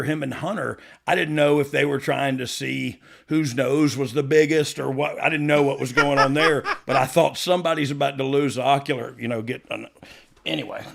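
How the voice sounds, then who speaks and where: A man's voice: medium pitch, creaky, fairly bright tone. A man in his fifties, a podcast host, telling rambling stories in a casual chat, laughing often and restarting his sentences. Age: 50s. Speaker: podcast host and former wrestler.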